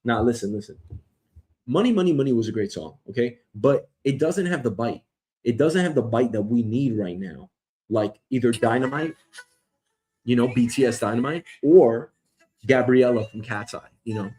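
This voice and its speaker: A middle-aged man hosting a comedy show, ranting loudly and rambling, swearing a lot and slipping into mock voices. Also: medium pitch, lively intonation, normal speed, breathy edge. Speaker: host. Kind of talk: profane comedic rant.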